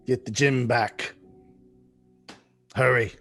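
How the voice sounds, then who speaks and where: A man's voice: mid-range voice, steady tone, slow, a bit bright, faint music behind. A man voicing a worried old grandfather. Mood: resigned. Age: older. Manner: pleading, voice rising with worry.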